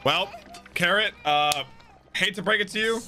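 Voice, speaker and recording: A man reacting to an anime episode as he watches, excitable and thinking aloud in slangy chat. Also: high voice, measured pace, faint music behind.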